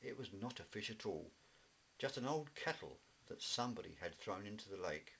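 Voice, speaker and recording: A man reading a children's story aloud in a gentle, expressive way. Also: on the low side, normal speed, vocal fry, slight background noise, low-quality recording. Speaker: narrator.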